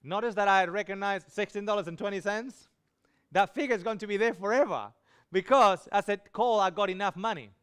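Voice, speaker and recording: A man preaching with a high, smooth and resonant voice, telling a personal story with animation. He acts out the people he quotes. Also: a little fast, fairly bright tone. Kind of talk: storytelling sermon.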